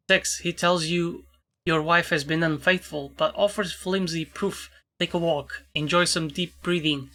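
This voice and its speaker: A man's voice: on the high side, pushed and bright. A man playing a video game, reading its text aloud with frequent stumbles and self-corrections. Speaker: let's play commentator.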